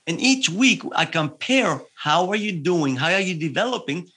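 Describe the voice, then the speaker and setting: A man working as a health coach, explaining his approach in a podcast interview, lively and full of examples. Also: high-pitched, normal speed, husky.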